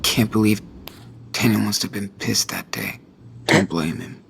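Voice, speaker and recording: A weary, gravelly teenage boy. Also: lowish voice, unhurried, a bit bright, slight background noise. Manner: tired, muttered inner monologue. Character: weary teenage boy caring for his little brother. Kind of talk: video game voice acting.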